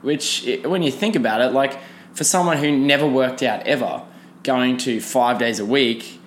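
A man's voice: mid-range voice, moderate pace, a little hiss or hum. A young man, rambling casually through a solo podcast with lots of fillers and restarts. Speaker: podcast host.

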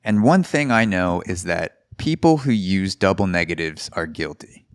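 A man's voice: deep voice, animated, moderate pace, no echo. A man hosting a solo podcast, giving rambling, sarcastic comedic commentary full of mock quotes. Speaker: podcast host.

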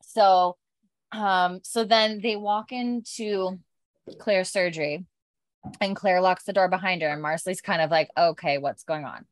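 A woman's voice: mid-range voice, steady tone, unhurried, no echo. A young woman hosting a podcast, casually recapping an episode with many "she's like" asides. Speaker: podcast host.

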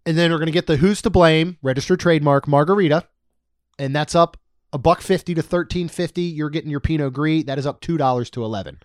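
A man's voice: on the high side, fast talker, no room sound, studio quality. A man co-hosting a podcast in casual chat, reading out prices with jokey asides. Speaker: podcast co-host. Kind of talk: casual podcast chat about theme park costs.

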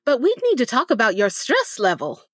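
A woman's voice: on the high side, wildly swooping pitch, brisk, no echo, studio quality. A woman playing a wealthy, flirty socialite who teases her friends, in an improvised tabletop role-play. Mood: smug. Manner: flirty and teasing. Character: rich teasing socialite woman.

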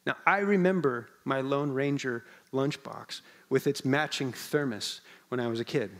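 A man's voice: mid-range voice, normal speed. A man preaching a sermon as pastor, in a conversational, humorous way, often asking the congregation questions.

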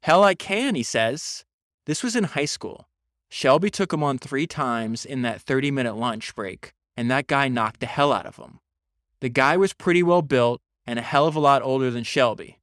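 A man's voice: mid-range voice, expressive, moderate pace, fairly bright tone, dry recording, clean studio sound, natural voice. A man putting on a Texas drawl to voice an old schoolfriend telling a story in a folksy, emphatic way. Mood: amused. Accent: put-on Texas drawl.

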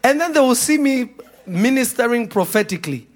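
A man preaching a sermon to a congregation, joking and laughing through his stories before rising to shouted points. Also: very high voice, sing-song, normal speed. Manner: humorous, laughing at his own stories, then building to shouts.

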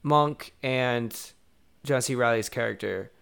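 Man, smooth clear voice, easygoing film chat, trails off and restarts. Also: mid-range voice, slow. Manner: relaxed, hesitant, restarts phrases. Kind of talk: casual film discussion.

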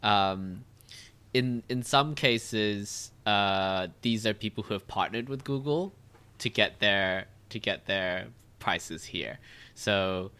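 A man's voice: fairly low pitch, slow, bright, forceful tone, smooth. A man in casual conversation, talking in a rambling way with many fillers and restarts. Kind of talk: casual chat.

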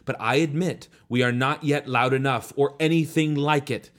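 A man reading aloud from a book as a scheming senior male demon writing a letter, in a slow and deliberate way. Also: medium pitch, steady tone, voice pushed up, lightly acted. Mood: scornful.

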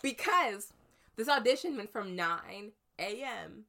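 A woman from the United States telling a story in casual chat, lively and animated, acting out the voices she quotes. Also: medium pitch, slow pace, gravelly.

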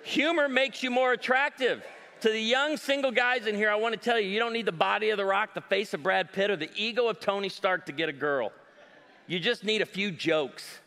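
High-voiced man in his forties doing stand-up. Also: a little fast. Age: 40s. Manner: animated storytelling with voiced quotes. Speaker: stand-up comedian. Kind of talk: live stand-up comedy. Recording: long hall reverb.

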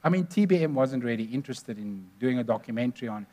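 A man's voice: medium pitch, animated, fast, mellow. A man preaching a sermon, telling stories earnestly and stressing numbered points.

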